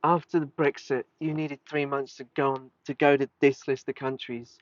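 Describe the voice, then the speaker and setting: A man mimicking a blunt, unhelpful female airport desk worker in a flat, dismissive tone. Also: mid-range voice, normal speed, dry recording, lo-fi sound, close to an everyday voice.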